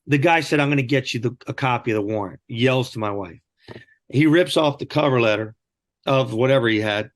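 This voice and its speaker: A man, a podcast guest, telling a story animatedly and acting out quoted lines. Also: mid-range voice. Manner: animated, acts out quoted dialogue. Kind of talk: storytelling in conversation.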